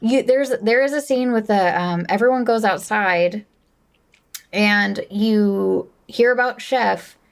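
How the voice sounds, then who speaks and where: A woman co-hosting a podcast, talking casually about a film in a relaxed, chatty way and laughing along. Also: medium pitch, slow, vocal fry, clear, resonant tone. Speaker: podcast co-host. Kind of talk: casual movie chat.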